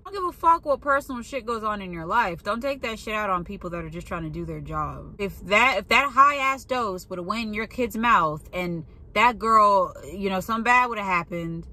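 A woman's voice: medium pitch, lively intonation, a little fast, few pauses, bright, forceful tone. A young woman who works in a pharmacy, ranting in a blunt, profane and sarcastic way in a casual monologue. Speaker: pharmacy worker venting.

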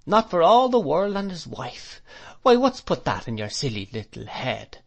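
A male audiobook reader voicing a loud, blunt middle-aged woman servant who talks in an emphatic, scolding way. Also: fairly low pitch, wildly swooping pitch, moderate pace, creaky, exaggerated voice. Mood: fervent. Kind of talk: audiobook character reading.

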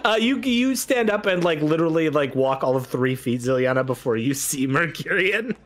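A man narrating as game master for a tabletop game, animated and chatty. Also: fairly high pitch, moderate pace. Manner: animated, rambling with "like".

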